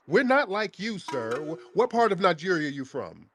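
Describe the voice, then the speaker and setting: A man's voice: high voice, sing-song, moderate pace, fairly bright tone, soft background music. Combative man hosting a call-in show. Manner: combative, interrogating, scornful. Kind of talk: heated call-in debate.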